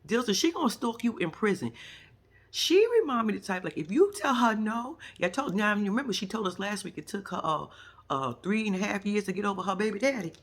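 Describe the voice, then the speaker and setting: Woman vlogger with AAVE speech, sassy recap talk, lively swooping pitch, slightly husky. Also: brisk. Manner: sassy, animated storytelling with acted-out quotes and laughs. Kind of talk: casual reality show recap.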